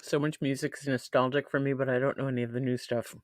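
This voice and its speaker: A woman's voice: a bass voice, flat delivery, quick pace, no room sound, clean studio sound. A woman hosting a casual live stream who chats freely, laughs often and reads comments from the chat aloud. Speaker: livestream host.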